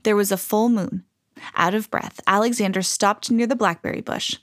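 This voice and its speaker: A woman reading a children's storybook aloud in an expressive, animated way. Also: medium pitch, moderate pace, dry recording, studio quality.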